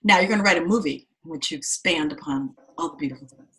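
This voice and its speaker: A woman writing coach telling an animated story to a class, loud one moment and soft the next, acting out the lines she quotes. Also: low-pitched, fast, slight background noise. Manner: expressive, swings loud and soft, acts out quotes.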